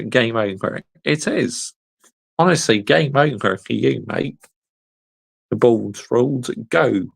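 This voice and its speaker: Gravelly, slow-talking man ranting. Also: mid-range voice, low-quality recording. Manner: exasperated, blunt, repeats "honestly" and "mate". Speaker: livestream host reading live chat. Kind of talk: casual livestream rant.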